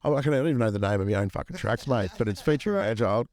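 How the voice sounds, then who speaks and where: A man's voice: on the low side, expressive, rapid-fire, a little mellow. An Australian man in a casual podcast chat, telling stories in a laid-back way and swearing freely. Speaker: guest DJ.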